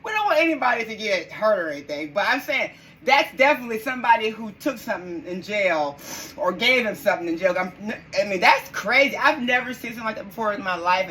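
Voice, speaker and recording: A woman's voice: medium pitch, fairly quick, a little hiss or hum, rough recording. A woman hosting a live podcast, exclamatory and incredulous, talking straight to her listeners. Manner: animated and incredulous. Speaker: podcast host.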